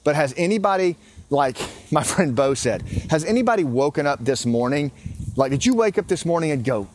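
A man's voice: a little high, lively intonation, fairly quick, darkish tone, a little hiss or hum. A man in his fifties hosting a podcast, talking earnestly and with growing passion as he walks outdoors. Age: 50s. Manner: earnest, emotional, builds to passionate. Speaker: podcast host. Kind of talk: casual walking monologue. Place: outdoors in a small river town.

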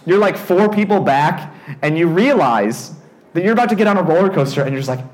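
A young man preaching to a youth group, telling a story in a lively way and acting out his own panic in character voices. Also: high voice, a little fast. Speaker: youth pastor. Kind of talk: storytelling sermon.

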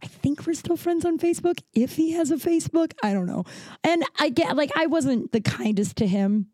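A woman's voice: high-pitched, lively intonation, moderate pace, dark tone, no echo, studio quality. A woman in her thirties hosting a podcast, telling a personal story in a rambling, casual way with many fillers, self-corrections and swearing. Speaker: podcast host.

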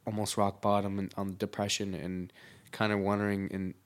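A man's voice: lowish voice, level tone, normal speed. A man talking candidly in a casual podcast chat, swearing freely and filling his talk with likes and you-knows.

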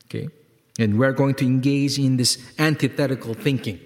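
A male pastor preaching a sermon, emphatic and repetitive, swinging from loud peaks to quiet lows and calling on the congregation to respond. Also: fairly even intonation, normal speed. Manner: repeats words for emphasis, asks congregation to respond. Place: church sanctuary. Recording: long hall reverb.

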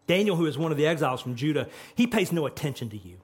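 A male pastor delivering a sermon with dramatic flair, his voice sitting a little high for a man. He swings between hushed, earnest stretches and loud, animated retellings of scripture dialogue. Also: racing, slightly rough.

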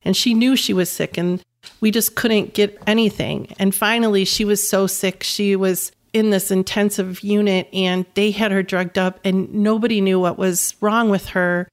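Mom in her 50s telling her story on an interview, earnest, leans on repeated words, mid pitch. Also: steady tone, normal speed. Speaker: guest, caregiving mother. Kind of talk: personal storytelling in conversation.

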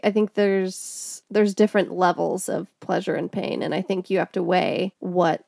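A woman's voice: on the low side, vocal fry, a little mellow, no room sound, studio quality. A woman co-hosting a podcast, chatting casually and reflectively about a TV episode. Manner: reflective, talks through ideas with fillers. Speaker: podcast co-host. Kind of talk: casual chat.

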